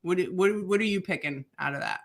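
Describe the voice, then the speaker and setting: A woman co-hosting a casual podcast, bubbly and quick to laugh, with plenty of ums along the way. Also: fairly low pitch. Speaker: podcast co-host.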